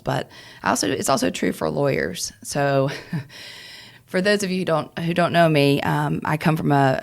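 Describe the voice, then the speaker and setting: A woman lawyer co-hosting a podcast, telling an animated story with laughs and restarts. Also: extremely low pitch, creaky. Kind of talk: casual storytelling chat.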